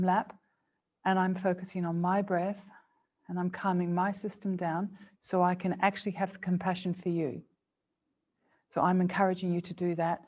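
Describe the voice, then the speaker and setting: Earnest woman psychologist giving a webinar. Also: on the low side. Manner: earnest, gentle, repeats phrases for emphasis. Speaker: clinical psychologist presenting a webinar. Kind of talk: seminar talk to a live and online audience. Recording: dull lo-fi webinar audio.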